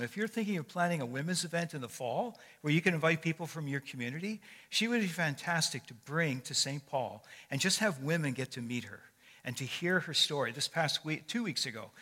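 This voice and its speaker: A man's voice: on the high side, animated, fairly quick, pushed and bright. An older man giving a sermon as a guest speaker. He tells stories in a conversational way with frequent fillers and restarts. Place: church sanctuary. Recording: long echo of a large hall.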